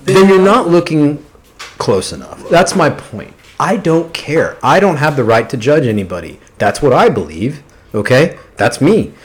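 A man hosting a casual podcast chat, animated and opinionated, swearing freely. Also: on the high side, measured pace. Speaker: podcast host.

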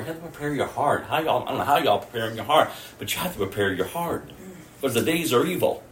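A man's voice: mid-range voice, expressive, quick pace, a little hiss or hum. A man preaching a sermon, telling stories and acting out his own prayers and other people's words. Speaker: pastor. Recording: echoey room, mic at a distance.

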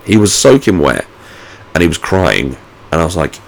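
A man's voice: low voice, sing-song, normal speed, gravelly. A man vlogging from home, telling a rambling anecdote in casual, sweary, self-mocking talk. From United Kingdom. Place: at home, indoors.

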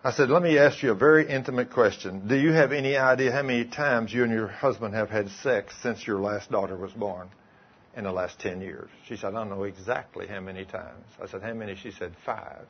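A man's voice: fairly low pitch, brisk, highs cut off, slight background noise. A male preacher, delivering a sermon by retelling conversations line by line. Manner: retells dialogue, quoting both sides. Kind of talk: sermon with told stories.

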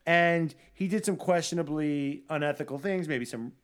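Male podcast co-host with a higher voice, animated and profane in his rants. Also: normal speed, smooth. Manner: animated, swearing, mocking impressions. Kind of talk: casual chat.

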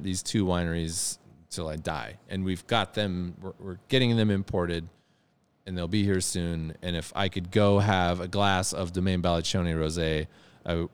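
A man's voice: sits low, clear, resonant tone. A man chatting casually and with enthusiasm, often repeating words as he searches for them. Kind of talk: casual chat.

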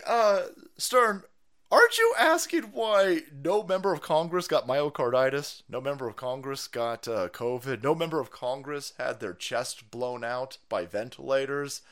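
Foul-mouthed ranting man, lively voice. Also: on the high side. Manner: foul-mouthed, loud mocking outbursts and mimicry, laughing. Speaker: streamer host. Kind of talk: ranting live-stream commentary.

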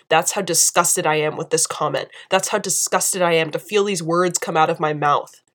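Indignant woman with a low voice. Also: steady tone, moderate pace, few pauses, fairly bright tone. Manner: emphatic and indignant, repeating phrases for force. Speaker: video commentator. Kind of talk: impassioned commentary.

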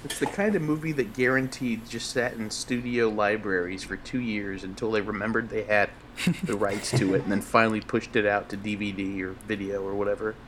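Deep-ish male co-host, dry jokes, noisy call line. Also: steady tone, a little fast, a bit bright. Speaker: podcast co-host. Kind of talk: casual chat over video call. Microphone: video call.

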